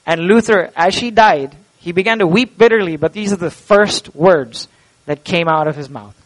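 A man preaching an Easter sermon in a church and leading a closing prayer, impassioned and swinging from loud to hushed. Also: high-pitched, normal speed, low-quality recording. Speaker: pastor. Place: church sanctuary.

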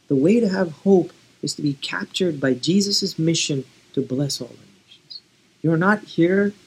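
Earnest husky male pastor preaching. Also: on the high side, low-quality recording. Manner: earnest, pleading, with many restarts. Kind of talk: sermon.

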